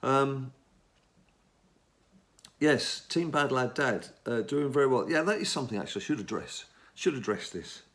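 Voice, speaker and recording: A man's voice: medium pitch, animated, moderate pace, a bit bright. Chatty English man narrating gameplay. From England. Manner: chatty, rambling, talks to himself while playing. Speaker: gaming channel host. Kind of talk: casual mobile game commentary.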